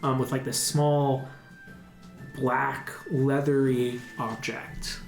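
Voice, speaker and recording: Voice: mid-range voice, level tone, takes it slowly, gravelly, soft background music. Rambling, hesitant dungeon master in an echoey room. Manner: rambling, many fillers and restarts. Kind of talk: narrating a tabletop game.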